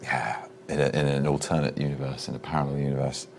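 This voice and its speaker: A middle-aged British man with an English accent, answering interview questions in a loose, rambling way. His voice sits very low, and he pokes fun at himself with easy playfulness. A faint ambient hum runs underneath. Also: level tone, fast, creaky, a little mellow. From England. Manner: playful, self-mocking, rambling storyteller. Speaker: guest actor. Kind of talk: casual interview chat.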